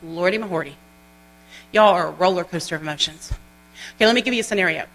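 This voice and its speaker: A woman giving an animated, folksy motivational training talk to a group. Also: fairly low pitch, fast. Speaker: sales trainer. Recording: long hall reverb with mains hum.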